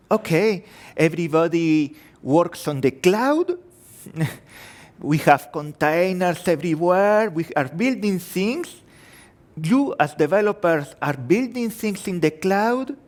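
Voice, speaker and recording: A man with a Spanish and French-tinged accent gives a tech conference talk in a fairly high voice. He is chatty and self-deprecating, often restarting a phrase midway. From Spain. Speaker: conference speaker. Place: conference hall.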